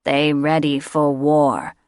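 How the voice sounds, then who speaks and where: A woman's voice: low voice, level tone, a little mellow, clear, resonant tone, no room sound, clean studio sound, pitched below the performer's own voice. Woman voicing a nasal malformed griffin servant. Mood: servile. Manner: broken grammar, slow, servile. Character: malformed male griffin servant, dim and eager. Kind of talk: audiobook character voice.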